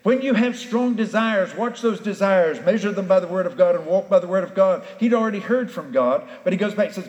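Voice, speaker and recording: Brief: male pastor, folksy storyteller, high voice, roomy hall sound. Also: brisk, few pauses, darkish tone, lo-fi sound. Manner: folksy storytelling preacher, acts out the characters. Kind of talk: sermon. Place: church sanctuary. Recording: echoey hall.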